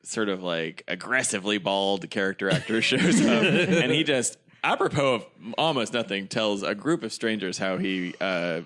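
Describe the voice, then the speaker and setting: A man with a deep voice that swoops up and down, telling a movie plot in a loose, laughing ramble. He piles on fillers and jokes as he goes, always casual. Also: moderate pace, hardly any pauses. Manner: animated, laughing, rambling recaps with filler words. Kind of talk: casual comedic movie chat.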